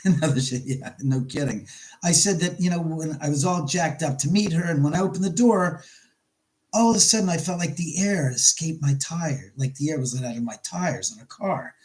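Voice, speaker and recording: A man's voice: on the high side, normal speed, a little mellow, low-quality recording. A man hosting a casual live stream from his home, rambling and stopping to greet viewers by name. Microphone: camera mic on a live stream.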